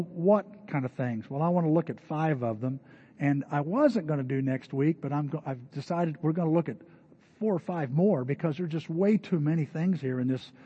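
A man's voice: on the high side, warm tone, slightly rough. An older man preaching a sermon in a conversational, storytelling way, addressing a church congregation. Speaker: pastor. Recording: dull lo-fi recording with long hall reverb.

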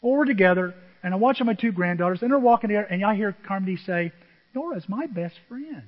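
An older male pastor delivers a sermon in a high voice, swinging from hushed asides to loud, animated storytelling. The audio is dull and muffled, carried in a long, reverberant hall. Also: rapid-fire. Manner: animated, self-deprecating storytelling with dramatic swings from soft to loud. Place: church sanctuary.

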